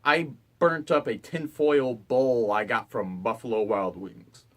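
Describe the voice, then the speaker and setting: A man's voice: medium pitch, fairly even intonation, a little slow. A young man and college student ranting to camera in his dorm room, exasperated and profane. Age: young adult. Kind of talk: ranting vlog.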